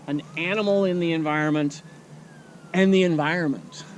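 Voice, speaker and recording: Slow-talking man teaching outdoors. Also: fairly high pitch, a little hiss or hum. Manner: unhurried, thinking aloud with many fillers. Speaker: nature educator. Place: outdoors at a wildlife refuge.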